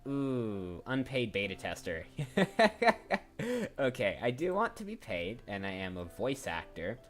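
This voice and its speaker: A man's voice: fairly low pitch, big pitch swings, measured pace. A man who works as a voice actor, chatting casually on a livestream and thinking aloud as he browses, often restarting sentences. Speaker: voice actor streamer. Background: faint background music.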